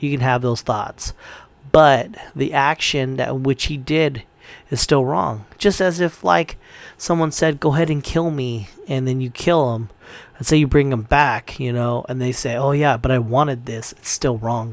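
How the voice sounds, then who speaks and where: A man's voice: medium pitch, measured pace, dry recording. Angry ranting man, dry sound. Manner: heated, profane, rambling with restarts. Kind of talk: casual ranting commentary.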